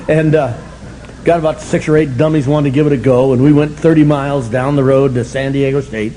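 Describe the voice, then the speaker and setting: An older man speaking at a recovery meeting, telling his story in an animated, self-mocking way and breaking into shouts for emphasis. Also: on the high side, creaky, a little hiss or hum, low-quality recording.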